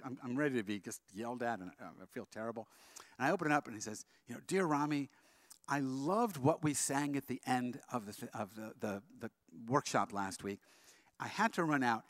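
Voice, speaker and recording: Male speaker, mid pitch, smooth tone, close dry sound; storyteller at an interfaith talk. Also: no echo. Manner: leads the audience in slow sung chant, then tells a story in a quick, animated way. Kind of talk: storytelling talk with sung chant.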